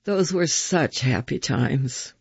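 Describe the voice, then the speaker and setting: A soft-spoken older mother , as a man reads her lines, looks back with quiet nostalgia. The voice is gravelly and a little husky. The recording is dry and slightly muffled. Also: mid-range voice, animated, slow pace, no room sound, heavily acted. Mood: wistful.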